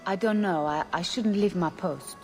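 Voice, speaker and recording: A woman's voice: on the low side, normal speed, soft background music, natural voice. An actress voicing a hesitant, eager-to-please female servant in a video game. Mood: timid. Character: timid young female party servant.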